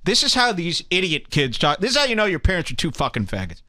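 A man's voice: high voice, wildly swooping pitch, quick pace, sharp tone. A man hosting a podcast, ranting in a casual, abrasive and profane way to his cohost. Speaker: podcast host.

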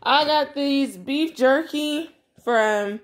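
A woman's voice: sits high, drawn-out words. A young woman talking casually to her viewers from her home kitchen, chatty and blunt, calling them y'all. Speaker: vlogger. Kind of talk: casual grocery haul vlog. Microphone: camera mic.

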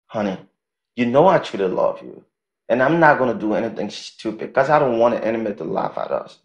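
A man's voice: mid-range voice, animated, fairly quick, dull audio, close to an everyday voice. A man playing a defensive cornered husband. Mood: pleading. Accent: Liberian English. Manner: defensive, pleading. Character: evasive married man caught between wife and mistress. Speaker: married husband. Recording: echoey room.

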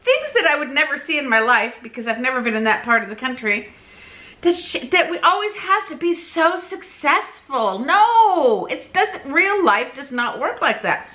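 Woman, casual vlogger, chatty and animated, bright voice, lively tone. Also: high voice, moderate pace. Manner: chatty, animated, laughs often. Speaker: weight-loss vlogger. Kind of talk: casual chat to camera.

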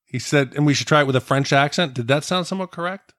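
Relaxed man chatting on a podcast. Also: a little high, fast, dry recording, studio quality. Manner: relaxed, rambling talk with fillers. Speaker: podcast co-host. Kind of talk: casual podcast discussion.

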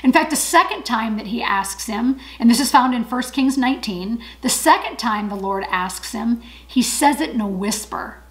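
A woman's voice: a little high, expressive, normal speed, few pauses, poor audio. A woman giving an encouraging Bible study talk, earnest and emphatic, repeating her key phrases.

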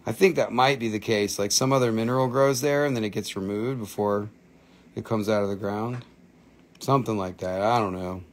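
A man from the Appalachian Valley, United States, sells rocks and minerals on a live stream in a lowish voice at a moderate pace. He keeps it casual, joking around, cursing, laughing often and dropping into goofy accents.

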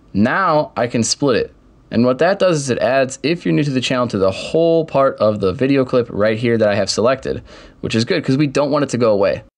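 A young man casually walking through software steps in a screen-recorded tutorial, with keyboard typing behind him. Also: medium pitch. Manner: step-by-step, casual explaining. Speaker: tutorial host.

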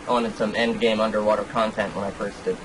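A man's voice: lowish voice, flat delivery, fast, noisy background. A man, a guest player, chatting casually and easygoing during a game tour. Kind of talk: casual gameplay chat.

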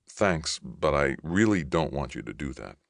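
A man's voice: a bass voice, big pitch swings, moderate pace, creaky, no echo, studio quality, exaggerated voice. A man reading an audiobook, voicing a reserved, blunt young ex-soldier.

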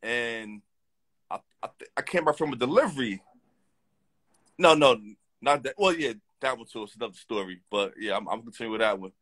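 A man's voice: medium pitch, animated, a little fast, a bit bright. Laid-back man reminiscing, slangy. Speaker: guest. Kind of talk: casual chat.

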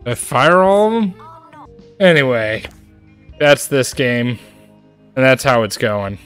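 A man streamer doing gameplay commentary, grumbling and frequently jumping into high-pitched, exasperated outbursts at the game. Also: lively intonation, slow pace, a bit bright, smooth, faint music behind.

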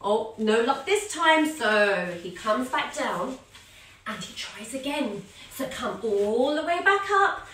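A woman guides children through a story-led yoga class, playful and sing-song, acting out animal sounds. Her voice is high and swoops up and down, bright and clear at an unhurried pace. It rings through a very echoey room, heard from a few steps back from the mic. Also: lively intonation, recorded from a distance, slight background noise. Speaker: kids yoga teacher.

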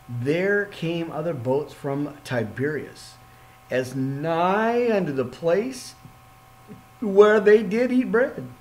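An excitable man reading through a Bible passage, his voice sitting a little high and swinging widely in pitch. He takes his time, speaking slowly with plenty of pauses. A faint hum runs behind him. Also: rough recording. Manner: excitable, jokey asides between scripture readings. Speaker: podcast preacher. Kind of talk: informal Bible study reading.

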